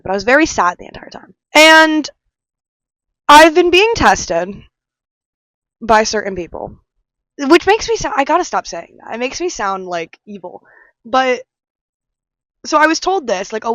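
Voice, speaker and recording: A woman's voice: medium pitch, a bit bright, no echo. A woman in her twenties from Chicago, rambling emphatically in a casual vlog monologue, often repeating herself. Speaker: vlogger. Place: aquarium visit, handheld vlog.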